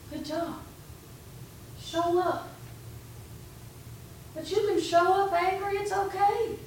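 A woman pastor delivers a sermon, relaxed and conversational, slipping into little stories and the dialogue she had with people. Her voice sits a bit high and comes from some distance off the mic. The room is very echoey, with a faint hum of noise underneath. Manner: conversational storytelling preaching, quoting her own talks.

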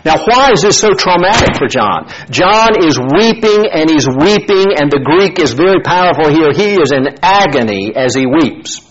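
A man, a pastor, preaching a sermon with animated, dramatic storytelling and rising emphasis. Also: on the high side, moderate pace, few pauses, lo-fi sound, background noise.

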